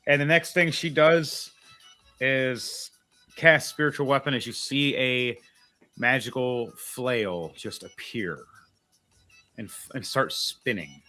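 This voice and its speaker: A man's voice: medium pitch, slow pace, pushed and bright, faint music behind. A man running a tabletop role-playing game as game master, chatty and explaining the rules as he goes.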